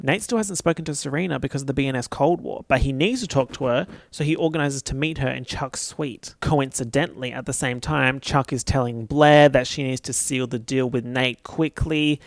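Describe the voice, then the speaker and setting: A man talks through a TV episode in a sassy, sweary, animated way, his voice leaping into sudden high squeals. His pitch sits in an ordinary middle range. The sound is close and dry, with no room around it. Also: brisk, dry recording. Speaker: TV recap vlogger. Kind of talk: casual episode recap.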